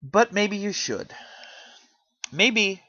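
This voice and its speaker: In a very slow, animated delivery, a man with a high, bright, forceful voice makes an earnest, pleading rant to his YouTube audience, rambling and restarting as he speaks from the heart. His home microphone gives a dry, muffled recording.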